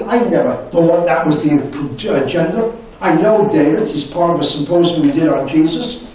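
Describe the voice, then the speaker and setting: Older guy prof telling stories in a lecture, kinda high voice, mic far off, faint hum behind. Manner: animated, repeats phrases, acts out quotes. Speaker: professor giving a lecture. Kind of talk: anecdotal lecture storytelling. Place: university lecture room. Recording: echoey room recorded from afar.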